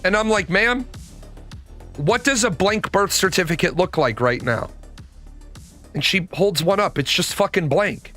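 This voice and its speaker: A man's voice: high voice, lively intonation, a little slow, pauses often, bright, forceful tone, soft background music. A young man telling a personal story as a rant, swearing and exasperated. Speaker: host.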